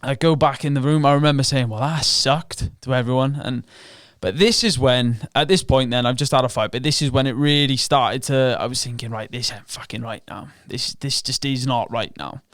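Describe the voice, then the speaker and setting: Recounting a fight as a podcast guest, a male professional MMA fighter speaks at normal speed with few pauses, his mid-pitched voice fairly bright. His casual interview storytelling is frank and profane, full of his racing thoughts voiced aloud. It's recorded close and dry, with no room sound.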